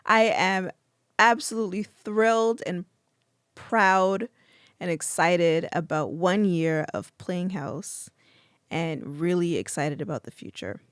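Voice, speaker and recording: A woman's voice: fairly low pitch, slow pace, dry recording. A woman co-hosting a relationship podcast in casual chat, teasing her husband with dry ribbing and frequent laughs. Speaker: podcast co-host.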